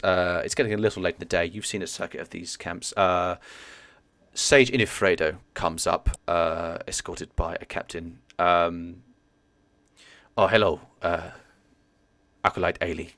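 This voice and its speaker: A man's voice: sits low, steady tone, normal speed, fairly bright tone, no echo. A man narrating as game master, hesitant with many fillers.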